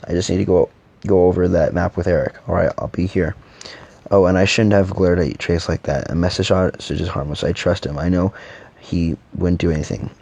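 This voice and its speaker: A man reading a fantasy story aloud and voicing all the characters himself, in a halting delivery with frequent stumbles and restarts. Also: sits low, mellow. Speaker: narrator voicing every character.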